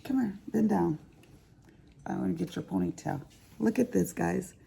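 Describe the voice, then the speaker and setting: A woman's voice: on the low side, moderate pace, vocal fry, dark tone, husky. An older grandmother chatting casually to her viewers as she crafts, rambling and laughing at her own asides. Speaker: crafting vlogger. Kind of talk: casual chat while crafting.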